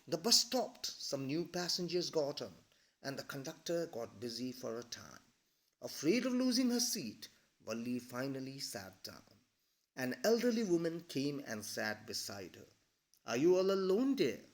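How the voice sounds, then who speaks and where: A man's voice: mid-range voice, sing-song, measured pace, a bit bright. A man, reading a story aloud and explaining it to a class, often checking in with "all right?". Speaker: English teacher.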